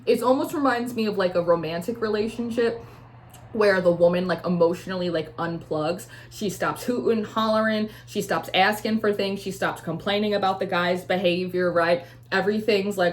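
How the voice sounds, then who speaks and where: A woman's voice: medium pitch, moderate pace. Young woman, tarot reader; loose, filler-heavy rambling with acted-out quotes. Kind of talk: casual intuitive tarot reading.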